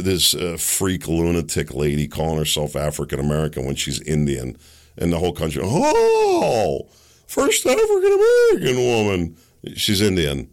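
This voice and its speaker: Deep, gravelly middle-aged man ranting. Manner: ranting, sarcastic, mocking asides; laughs scornfully. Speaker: political commentary host. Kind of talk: opinion monologue.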